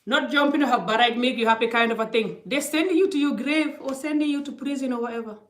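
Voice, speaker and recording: A middle-aged woman talks fast in a high voice into her phone, giving emphatic, casual life advice and dramatizing quoted exchanges. The sound echoes as if in a roomy space.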